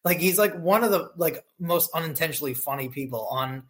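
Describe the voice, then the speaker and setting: A young man co-hosting a sports podcast in a loose, rambling way. His voice sits a little high for a man. He talks casually, with lots of restarts. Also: fairly quick, slight background noise. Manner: rambling, laughing storyteller. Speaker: podcast co-host. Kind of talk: casual chat.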